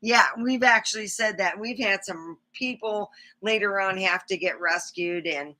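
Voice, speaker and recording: A woman hosting a live stream, telling casual stories in a blunt, profane, animated way. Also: medium pitch, measured pace. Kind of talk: casual storytelling monologue. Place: small home studio.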